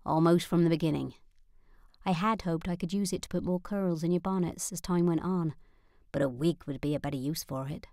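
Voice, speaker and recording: A woman's voice: fairly low pitch, a little fast, darkish tone, dry recording, clean studio sound, natural voice. A woman voicing a deferential young maid in an audiobook, speaking politely and a little hesitantly. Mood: helpful.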